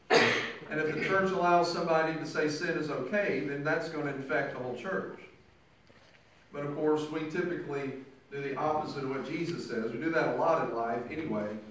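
A man's voice: fairly high pitch, a bit bright, a little hiss or hum. A male pastor delivering a sermon with emphatic preaching, acting out the people he quotes. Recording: very echoey church hall, mic from far off.

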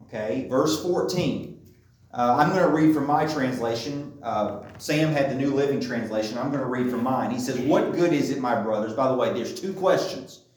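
A man's voice: mid-range voice, normal speed, darkish tone, slight background noise. A man teaching a sermon in a conversational style, often checking in with the congregation, recorded from a distance in a very echoey church room. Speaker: preacher.

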